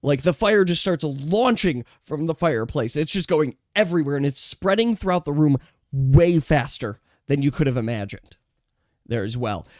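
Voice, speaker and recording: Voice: mid-range voice, no room sound, studio quality. Laughing tabletop game master. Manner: lively, laughing, quick asides to players.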